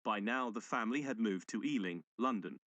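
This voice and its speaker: A man giving measured, factual documentary narration. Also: lowish voice, a bit bright, no echo, dull audio.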